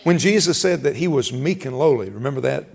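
A man's voice: mid-range voice, lively intonation, brisk, gravelly, slightly rough. A man preaching a sermon as pastor, folksy, repeating words and rising for emphasis.

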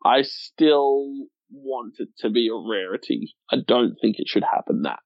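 A man's voice: medium pitch, unhurried, no room sound. Chatty man with a dull, dry sound. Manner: enthusiastic, chatty, swears casually. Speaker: podcast co-host. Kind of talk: casual wrestling chat.

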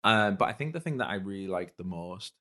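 A man's voice: low voice, lively intonation, a little fast, sharp tone. A man co-hosting a podcast, chatting casually and enthusiastically about films, with rambling sentences. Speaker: podcast co-host. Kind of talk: casual chat.

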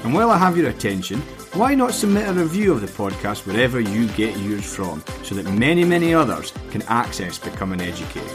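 A man's voice: on the low side, big pitch swings, a little fast, few pauses. A man hosting a podcast interview, politely thanking his guest and asking questions. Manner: courteous, thanks guest often. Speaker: podcast host. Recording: music in background.

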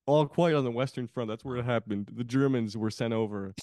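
A man's voice: medium pitch, a little fast, warm tone, no echo, studio quality. A man guesting on a podcast, chatting casually about films, rambling and laughing often. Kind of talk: casual film chat.

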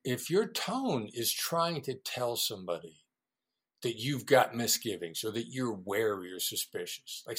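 A middle-aged man, a former negotiator being interviewed, explaining ideas in a lively conversational way and acting out quoted voices. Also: mid-range voice. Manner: animated storyteller, acts out quoted voices. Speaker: former FBI negotiator, guest.

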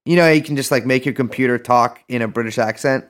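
A young man co-hosts a comedy podcast in an easy, mid-pitched voice. He rambles through deadpan bits, stumbling over fillers and restarting his sentences. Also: fast talker. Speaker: podcast co-host. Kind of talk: casual comedic chat.

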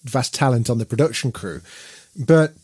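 A man's voice: medium pitch, moderate pace, darkish tone, husky, no room sound. A man from the United Kingdom co-hosting a podcast, talking in a chatty, rambling way with many fillers and restarts. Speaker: podcast co-host. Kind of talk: casual podcast chat.

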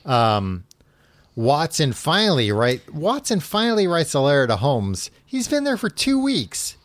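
A man's voice: a little high, wildly swooping pitch, a little slow. A man hosting a podcast, casually retelling a story in a loose, rambling way full of asides. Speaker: podcast host retelling a book. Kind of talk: casual chat, paraphrasing the story.

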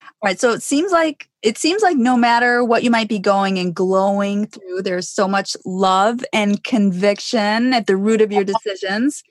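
A woman's voice: medium pitch, unhurried, dry recording, studio quality. A woman hosting an interview who encourages her guest and sums up what the guest has said. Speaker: interview host.

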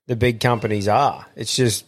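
A man's voice: fairly low pitch, fairly even intonation, moderate pace. A man hosting a podcast in casual, blunt, swearing chat. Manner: blunt, swearing, laid-back. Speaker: podcast host.

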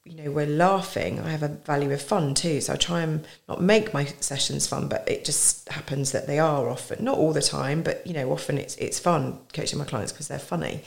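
Middle-aged woman, low pitch, executive coach being interviewed; chatty, explanatory, quick to laugh. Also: steady tone, gravelly. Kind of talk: conversational podcast interview.

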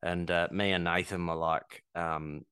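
A man's voice: deep voice, little pitch movement, unhurried, sharp tone, clean tone, dry recording, clean studio sound. A man, a podcast co-host and fighter, rambling casually through a story with many filler words.

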